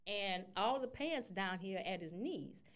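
Animated middle-aged woman storyteller. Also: medium pitch, a little slow. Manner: animated storyteller, acts out quotes. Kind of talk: casual storytelling chat.

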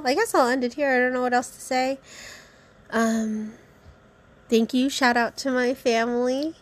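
Woman, podcast host, casual solo talk, slow pace, hesitant, many fillers. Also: high voice.

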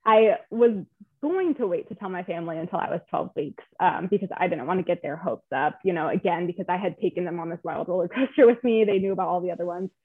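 A woman's voice: lowish voice, quick pace, husky, dry recording. Young woman guest, chatty and emotional, dry tinny phone-line sound. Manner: chatty, emotional, lots of fillers. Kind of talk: personal story in a casual interview.

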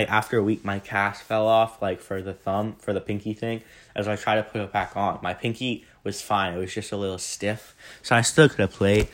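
Rambling young man on a phone mic. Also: on the low side. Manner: rambling, self-correcting, chatty. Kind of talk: casual vlog Q&A.

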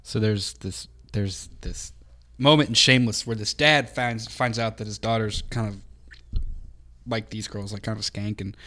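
A man's voice: fairly low pitch, steady tone, normal speed, sharp tone. A man talking casually with the host, telling a story in a loose, rambling way. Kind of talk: casual chat.

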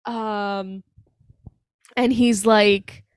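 A woman co-hosting a casual podcast, recapping a film in lively chat and acting out lines with laughs and swearing. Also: medium pitch, drawn-out words, clear, resonant tone, no room sound, clean studio sound. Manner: animated, swears, acts out quotes with laughs. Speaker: podcast co-host.

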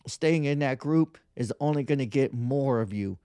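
In a smooth, warm, medium-pitched voice at normal speed, with no echo, a man in his thirties hosts a podcast. He rants through a casual monologue, brash and profane, mocking others and copying them in whiny voices.

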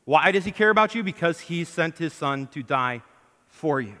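A man's voice: a little high, lively intonation, normal speed, sharp tone. A man preaching a sermon to his congregation, emphatic, asking them questions and acting out the lines he quotes. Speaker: pastor. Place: church hall. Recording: long hall reverb.

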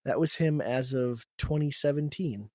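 A man's voice: mid-range voice, moderate pace, dark tone, no echo. A man co-hosting a podcast in casual banter, sarcastic and joking, swearing and laughing often. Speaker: podcast co-host.

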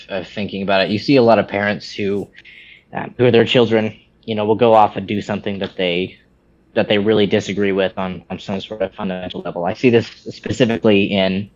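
A man with a lowish voice co-hosts a casual podcast, talking loosely with frequent restarts and false starts. The sound is a little dull and lo-fi. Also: a little fast. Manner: rambling, many restarts, animated when quoting. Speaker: podcast co-host.

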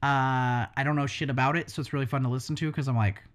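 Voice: medium pitch, steady tone, fast talker. Rambling, profane tattoo artist chatting. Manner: rambling and profane, wry asides. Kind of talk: casual podcast chat.

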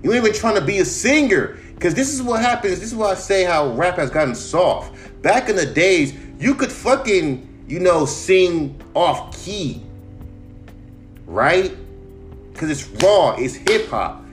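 Dude ranting on his podcast, cussing a lot, kinda high voice, soft guitar in back. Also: sing-song, measured pace. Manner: profane, emphatic, riffing. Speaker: podcast host. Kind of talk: casual podcast rant.

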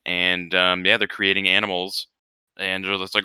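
A man's voice: sits low, little pitch movement, normal speed, sharp tone, clear, resonant tone, no room sound. A man hosting a podcast, chatting casually with a laid-back, dry manner. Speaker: podcast host. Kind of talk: casual chat.

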